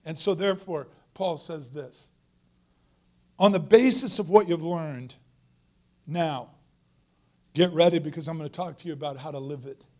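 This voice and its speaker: A middle-aged man preaches with a fairly high voice. He is earnest and emphatic, and he drives points home by repeating phrases. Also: normal speed, pauses often, darkish tone. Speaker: guest preacher. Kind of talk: sermon.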